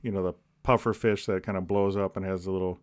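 Deadpan rambling man, lowish voice. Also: quick pace. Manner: deadpan jokey, rambling with restarts. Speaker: podcast co-host. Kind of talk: casual comedic chat.

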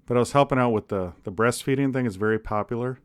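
A man co-hosting a podcast, cracking deadpan jokes in casual rambling chat. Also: mid-range voice, fast talker, clear, resonant tone. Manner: deadpan jokey, rambling with restarts. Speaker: podcast co-host.

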